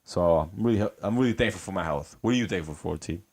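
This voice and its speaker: Deep-voiced male podcast co-host, laid-back, rambling, casual and profane. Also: fast talker, darkish tone, breathy edge. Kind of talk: casual chat.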